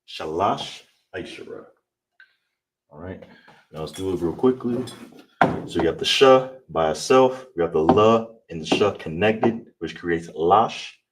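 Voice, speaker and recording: A man with a very low voice leads an online class, patiently repeating each word and checking in with his listeners. He sits some way back from the microphone, with a faint hiss underneath. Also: animated, moderate pace, recorded from a distance. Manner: repetitive, checks in with "you understand?". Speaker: teacher. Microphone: streaming setup.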